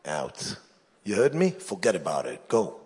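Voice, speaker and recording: A man voicing a menacing male mafia boss who gives curt, hushed orders in a low voice, in a comedy routine. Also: huge pitch swings, measured pace, heavily acted.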